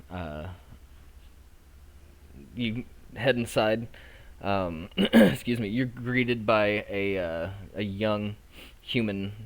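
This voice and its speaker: Deep-voiced, hesitant game master, recorded in an echoey room. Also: male voice. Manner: halting, many fillers and restarts. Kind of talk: narrating a tabletop game.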